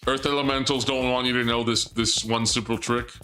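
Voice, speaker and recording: A man's voice: mid-range voice, little pitch movement, brisk, sharp tone, faint music behind. A young man streaming a game as a VTuber, rambling in goofy asides, cutting himself off and stammering. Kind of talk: live game stream commentary.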